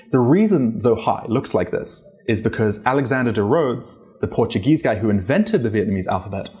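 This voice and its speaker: A man whose first language is English, teaching Vietnamese tone pronunciation as a learner, animated and demonstrating tones with his voice. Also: on the low side. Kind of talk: explanatory language lesson. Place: Hanoi.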